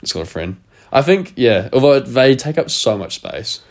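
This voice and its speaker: A man's voice: mid-range voice, very animated, normal speed. A young man who is sick, co-hosting a podcast in casual chat, rambling, swearing and laughing often. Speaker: podcast co-host.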